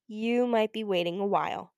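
A woman reading an audiobook, voicing a friendly, amused bearded man offering help on a dark road. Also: medium pitch, moderate pace, gravelly, clear, resonant tone, no room sound, clean studio sound, close to an everyday voice. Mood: easygoing. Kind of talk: audiobook character voice.

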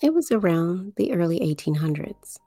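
A woman from the New Orleans area giving a slow explanatory monologue, with deliberate, drawn-out phrasing and pauses. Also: on the low side, sing-song, mellow, slightly rough, no room sound, soft background music.

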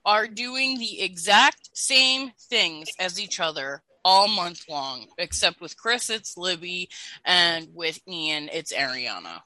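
A woman's voice: fairly low pitch, expressive, bright, forceful tone, no room sound, poor audio. A woman in her thirties co-hosting a podcast, blunt and emphatic in casual chat. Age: 30s. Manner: emphatic, slow and blunt, swears when annoyed. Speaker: podcast co-host.

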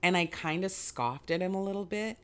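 A woman with a low-pitched voice tells a story in casual chat. She is animated and acts out the other people's lines, swearing freely as she goes. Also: moderate pace, clean tone.

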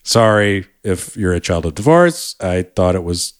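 Deep-voiced wry man. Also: very animated, measured pace, clear, resonant tone. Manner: wry, jokey, swears casually. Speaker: podcast co-host. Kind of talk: casual movie-review chat.

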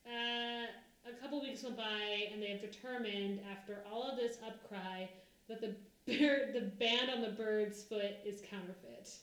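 Animated young woman telling a story. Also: on the high side, a little slow. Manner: animated storytelling, acts out quoted voices. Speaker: podcast co-host. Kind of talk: casual chat. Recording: roomy echo.

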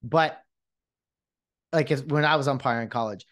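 A man's voice: medium pitch, normal speed, fairly bright tone. A man in his late thirties, a podcast host and former umpire, ranting with exasperation in a solo monologue, often restarting his sentences. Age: late 30s.

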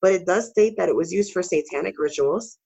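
A woman's voice: lowish voice, brisk, vocal fry, mellow, husky, highs cut off. Woman co-host telling spooky stories. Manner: reads spooky stories with casual asides and swearing. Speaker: podcast co-host. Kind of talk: casual storytelling.

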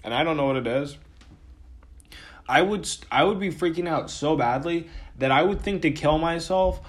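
A man talking casually in a rambling, profane monologue, full of fillers and restarts, his throat sore and dry from a cold. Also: mid-range voice. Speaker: podcast host.

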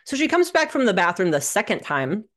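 A young adult woman telling a personal story as a podcast guest, animated and sardonic, swearing freely. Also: medium pitch, fairly quick. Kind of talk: candid conversational storytelling. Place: living in Minnesota.

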